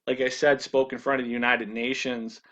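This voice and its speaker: A man's voice: medium pitch, level tone, fairly bright tone. Male presenter, casual talk, stumbles and restarts a lot, dull lo-fi recording. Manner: halting, with frequent restarts and repeated words. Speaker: ministry video presenter. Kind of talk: casual monologue.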